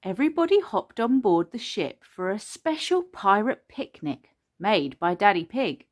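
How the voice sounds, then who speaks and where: A woman narrates a children's story at an unhurried, careful pace. Her voice rises and falls expressively, keeping things gentle and animated for young listeners. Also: mid-range voice.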